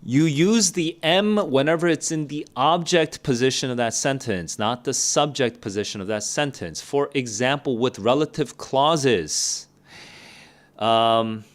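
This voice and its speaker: A man tutoring for a test in a casual live Q&A, repeating grammar drills slowly and answering chat questions. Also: medium pitch. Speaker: SAT tutor. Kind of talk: casual livestream Q&A lesson.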